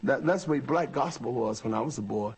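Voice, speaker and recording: An older man in a documentary interview, telling stories with animated energy and imitating shouts and howls. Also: medium pitch, fairly quick, a little hiss or hum.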